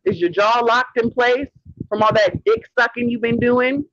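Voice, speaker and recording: A man's voice: extremely high pitch, moderate pace, fairly bright tone, a little hiss or hum. A man hosting a livestream, delivering a heated rant in a sassy, profane way and calling people honey. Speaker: livestream host. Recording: dull lo-fi stream audio.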